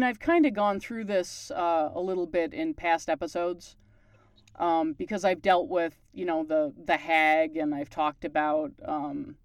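A woman's voice: fairly low pitch, no echo, studio quality. A woman from Newfoundland with a townie accent, hosting a podcast and chatting at length in a casual way. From Newfoundland, Canada. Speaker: podcast host. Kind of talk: casual chat.

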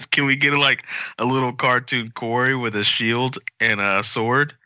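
Bright-voiced joking podcast host man. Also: medium pitch, sing-song, takes it slowly, dry recording, muffled recording. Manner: loose and joking, laughs often. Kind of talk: casual podcast banter.

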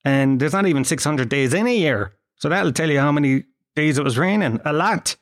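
A man's voice: fairly high pitch, animated, brisk. A man from Tralee with a Kerry Irish accent, rambling through a sarcastic, profane comic monologue. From Tralee, Ireland. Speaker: comedic monologue host.

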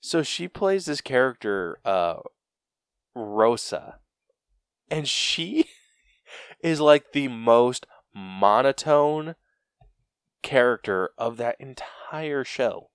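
A man's voice: mid-range voice, big pitch swings, extremely slow, pauses often, clean tone, no room sound, clean studio sound. A man co-hosting a podcast in casual chat, rambling with lots of fillers and laughs. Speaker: podcast co-host.

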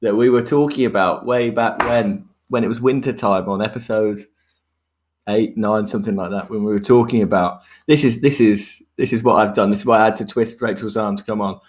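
A man's voice: fairly low pitch, fairly even intonation, a little fast. A man hosting a podcast in casual chat, joking and laughing often and repeating words as he goes. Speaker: podcast host.

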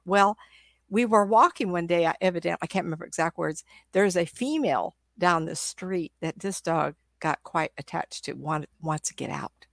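An older woman telling stories as a psychic medium guest on a video call, animated and chatty, often laughing and restarting her sentences. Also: fairly low pitch, normal speed, gravelly, no echo, studio quality. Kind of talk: casual interview storytelling.

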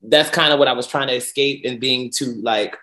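A man's voice: mid-range voice, fairly even intonation, a little fast, sharp tone, slight background noise. A young man co-hosting a casual chat, telling a personal story with emotion and playful sass. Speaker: podcast co-host.

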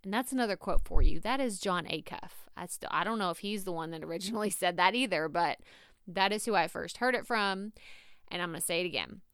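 A woman's voice: on the low side, animated, brisk, a bit bright, clear, resonant tone, no echo, studio quality. A woman with a Texas drawl hosting a solo podcast, giving chatty, direct tough-love advice to listeners she calls y'all. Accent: Texan Southern. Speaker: podcast host.

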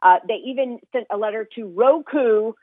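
A woman's voice: a little high, normal speed, no echo. A woman joining a radio show as guest, speaking in an indignant, emphatic way. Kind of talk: phone-in interview. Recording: tinny dry phone line.

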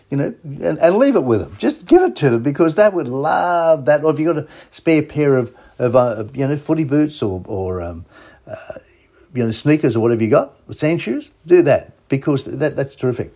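A man's voice: mid-range voice, darkish tone, husky. A man with an Australian accent hosting a podcast, chatting casually and enthusiastically about travel, often restarting his phrases. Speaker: podcast host.

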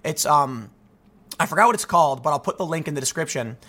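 A young adult man from the United States hosting his own channel, ranting in solo commentary, animated and restless, often restarting his sentences. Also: fairly high pitch, quick pace.

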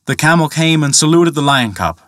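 A male storyteller reads a folktale in a steady, measured way. His voice is bright and forceful, sitting a little high. The sound is close and dry, with no room around it. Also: dry recording. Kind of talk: scripted narration of a folktale.

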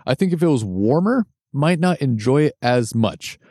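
A man chatting casually through a whiskey tasting, often laughing and tripping over repeated words as he searches for them. His voice is mid-pitched and sits close and dry with no room around it. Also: very animated, moderate pace, darkish tone, no echo. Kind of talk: casual chat.

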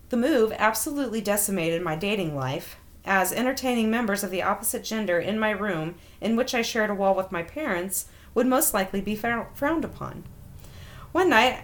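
Lively, laughing woman storyteller. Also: mid-range voice. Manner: wry, animated, laughs often. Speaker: podcast host. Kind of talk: reading listener stories aloud with chat.

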